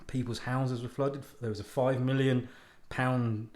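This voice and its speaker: Here the British host speaks unhurriedly and flatly, his medium-pitched voice darkish in tone, in an echoey room. A podcast host and author, he rambles and rants in a casual monologue, self-mocking and swearing freely.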